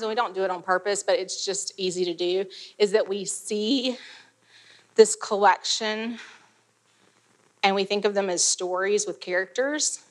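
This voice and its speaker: A woman's voice: mid-range voice, a bit bright. A woman teaching a Bible passage in a chatty, casual way, laughing and using frequent fillers.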